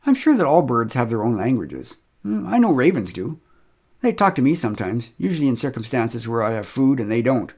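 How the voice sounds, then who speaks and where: A man's voice: mid-range voice, very animated, a little fast, a little mellow, breathy edge. A middle-aged man telling a humorous first-person story with wry, dry humor.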